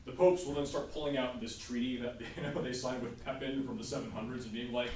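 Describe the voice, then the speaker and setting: A man's voice: mid-range voice, steady tone, fast talker, hardly any pauses, a little mellow, distant mic. A man teaches a history class in a loose, conversational way and keeps checking in with his listeners. He sounds roomy and a little off-mic, as though the recorder sits across the classroom. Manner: conversational, checks in with "right?" often.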